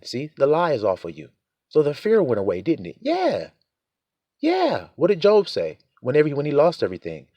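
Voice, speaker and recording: A man preaching a sermon, animated, acting out quoted voices as he goes. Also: on the high side, a little fast, dry recording.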